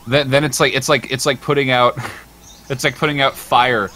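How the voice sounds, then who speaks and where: A man's voice: normal speed, a little hiss or hum. A man hosting a casual gaming livestream, chatting and reading chat, swearing freely and laughing while he plays. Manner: animated, swearing, laughing, does squeaky impressions while retelling videos. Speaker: livestream host.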